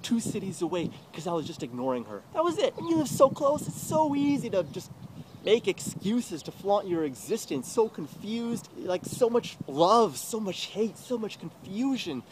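A man pours out a bitter, swearing confession in a vlog, his voice pitched a little above the usual male range. He sounds agitated and raw throughout. Clear outdoor street noise from passing traffic runs behind him. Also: sing-song, normal speed.

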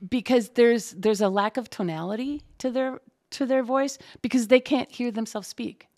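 A woman's voice: on the high side, normal speed. A woman working as a closed captioner, talking casually and animatedly as a guest in an interview. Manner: chatty, animated storyteller.

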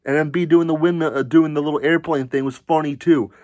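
A man's voice: fairly high pitch, fairly even intonation, fast talker, darkish tone, no echo. A man ranting angrily as a sports fan, furious, swearing and insulting. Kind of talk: angry profane rant.

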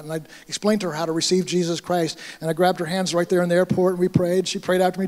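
A man's voice: high-pitched, fast, few pauses, long reverb tail. A man with an American accent, a pastor delivering a sermon and telling a story with acted-out dialogue. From United States. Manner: storytelling, acting out dialogue, animated. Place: church hall.

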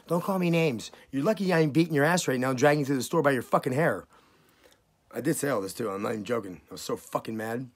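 A man's voice: medium pitch, fast talker. A man ranting to camera about being wronged. He swears constantly and his voice keeps jumping up in outrage. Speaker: vlogger. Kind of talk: angry profane rant to camera.

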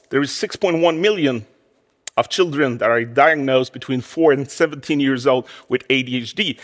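This conference speaker, a forties-aged man with a French Canadian accent, has a mid-range, slightly bright voice. His talk is candid and self-deprecating, echoing with long reverb in a conference hall.

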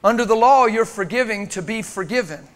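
High-voiced impassioned man preaching. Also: lively intonation, fairly quick. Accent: American. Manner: impassioned, swinging from loud urging to hushed. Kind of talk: sermon. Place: church sanctuary.

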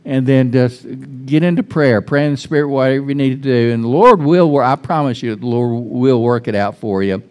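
A man's voice: medium pitch, a little mellow. A male pastor giving an informal, conversational sermon in a church, often restarting sentences and putting questions to the congregation. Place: church sanctuary.

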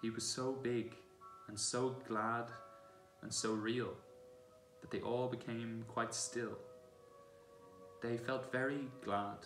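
A man's voice: medium pitch, steady tone, slow pace, faint music behind. Man reading a storybook aloud in a church. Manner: gentle storytelling. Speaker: reader. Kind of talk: reading a children's novel aloud. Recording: echoey church room, distant mic.

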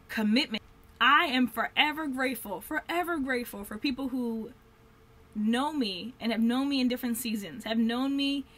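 Young woman, fairly high voice, earnest vlogger who rambles and circles back as she talks. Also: a bit bright. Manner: earnest, heartfelt, rambling with many fillers. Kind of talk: candid faith-based vlog talk.

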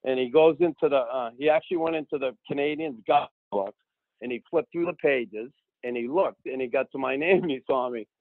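A man, telling a story as a podcast guest in an animated way, acting out the people he quotes. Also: medium pitch, fairly quick, dry recording. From Boston. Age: 60s. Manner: animated, acts out quoted people, keeps adding "right?". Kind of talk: casual storytelling. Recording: dry, phone-like narrow sound.

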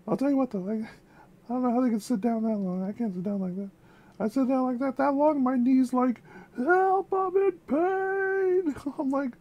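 A young woman talks casually to her viewers, gushing over what she just heard and repeating phrases for emphasis. Her voice sits a little high but sounds mellow and warm in tone. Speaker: music reaction vlogger. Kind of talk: casual reaction chat.

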